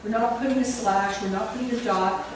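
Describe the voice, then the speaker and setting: A woman's voice: fairly high pitch, steady tone, brisk. A woman leading a phonics teacher training workshop, demonstrating classroom instruction step by step. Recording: echoey room from far off with noise.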